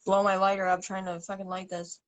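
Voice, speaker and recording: A woman's voice: medium pitch, level tone, fairly quick. A woman hosting a casual live-stream podcast, talking in an offhand, teasing way. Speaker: podcast host.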